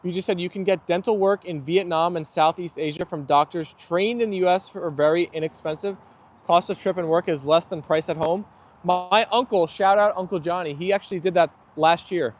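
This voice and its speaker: A man's voice: sits high, fairly even intonation, brisk. A young man hosting a live stream outdoors, chatting easily and reading viewer comments aloud while his dogs play. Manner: chatty and easygoing, laughs often. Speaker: livestream host.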